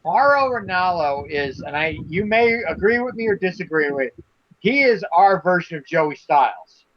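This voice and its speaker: High-voiced man in emphatic wrestling chat. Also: expressive, normal speed, muffled recording. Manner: emphatic, repeats himself when making a point. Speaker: podcast co-host.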